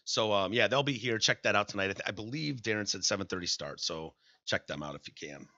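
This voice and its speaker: A man's voice: lowish voice, lively intonation, quick pace, pushed and bright, dry recording, lo-fi sound. A man with a Michigan accent co-hosting a podcast in casual banter, joking and acting out quotes. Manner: chatty, joking, acts out quotes. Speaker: podcast co-host.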